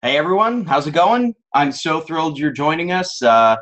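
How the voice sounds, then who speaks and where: A man's voice: a little high, big pitch swings, moderate pace, a bit bright, muffled recording. A man co-hosting a webinar masterclass, speaking eagerly with fillers and restarts. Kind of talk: enthusiastic presenting.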